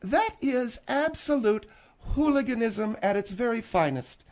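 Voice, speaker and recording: A man's voice: very high voice, lively intonation, normal speed, pitched above the performer's own voice. Guy doing a prissy indignant lady cohost, huffy and scolding. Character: prim indignant middle-aged female co-host.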